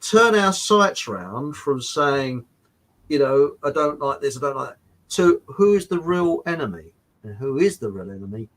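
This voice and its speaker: A man's voice: medium pitch, sing-song, moderate pace, a bit bright, rough recording. An English man chatting as a guest, telling rambling anecdotes with frequent restarts. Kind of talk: casual chat.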